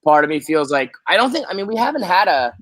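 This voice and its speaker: A man's voice: sits high, big pitch swings, fast talker, fairly bright tone, no room sound. A man hosting a casual sports podcast from an office, profane and exasperated as he talks. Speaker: podcast host.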